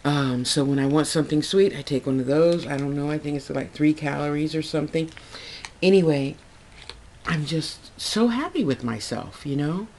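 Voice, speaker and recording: A woman's voice: low-pitched, moderate pace, darkish tone, a little hiss or hum. Heartfelt rambling woman vlogging. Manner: rambling, heartfelt, repeats herself. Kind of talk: casual vlog monologue.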